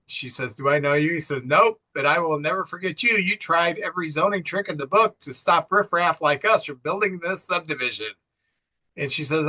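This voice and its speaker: A man's voice: fairly high pitch, a little fast, bright, forceful tone. A middle-aged man co-hosting a casual movie recap, acting out the film's dialogue in quoted voices and laughing at his own jokes. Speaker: co-host, father.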